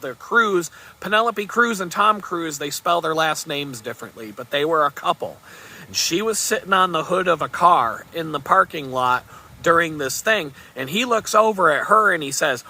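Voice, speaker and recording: A man vlogging in a loose, rambling storytelling monologue, chuckling now and then at his own tale. His voice sits a bit high with a sharp, forceful brightness. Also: animated, moderate pace.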